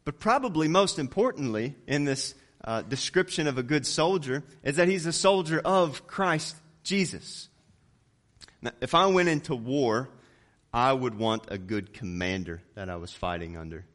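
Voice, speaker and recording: This sermon comes from a man with an expressive delivery at a moderate pace. He reads scripture, builds to loud emphatic peaks, and drops low on the key words.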